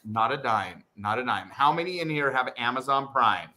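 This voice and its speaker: A man hosting a casual livestream, chatting with viewers and greeting them in excited bursts. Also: medium pitch, normal speed. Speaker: livestream host.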